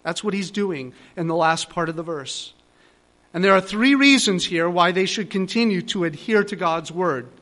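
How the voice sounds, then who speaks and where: A man's voice: high voice, lively intonation, moderate pace, a bit bright. A middle-aged male pastor giving a sermon, earnest and pleading, building to emphatic repeated phrases.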